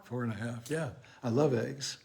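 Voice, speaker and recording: A man's voice: medium pitch, normal speed, gravelly, darkish tone. An older man co-hosting a casual chat, joking and telling rambling anecdotes. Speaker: co-host.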